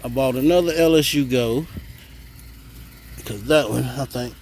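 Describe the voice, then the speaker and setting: A man's voice: medium pitch, unhurried, a little mellow, a little hiss or hum, poor audio. A man giving an easygoing, thinking-aloud tour of his home garden outdoors, filmed on a handheld phone. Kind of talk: casual garden walk-through. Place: outdoor garden on a hot day.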